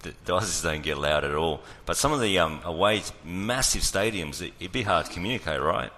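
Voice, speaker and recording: A man's voice: deep voice, animated, a little fast, bright, forceful tone. A man hosting a podcast in easygoing casual chat, laughing along and reacting briefly. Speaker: podcast host.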